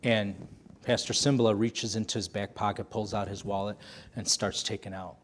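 A man's voice: fairly low pitch, steady tone, normal speed, a little hiss or hum. A man preaching a sermon, telling a story with passion and repeating phrases for emphasis.

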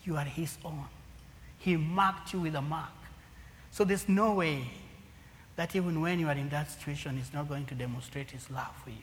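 A man preaching a sermon to a congregation, swinging from loud emphatic lines to near-whispers. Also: on the high side, fairly even intonation, a little fast. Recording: long hall reverb, faint room noise.

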